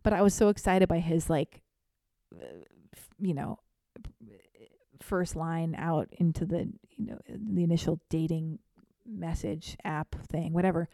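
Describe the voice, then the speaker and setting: A woman tells a comic personal story in a lively, theatrical way. She often pokes fun at herself. Her voice is mellow and warm, and it is recorded close and dry. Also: lowish voice, a little slow, creaky, long pauses, no room sound. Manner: animated, self-deprecating, theatrical. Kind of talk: comedic storytelling monologue.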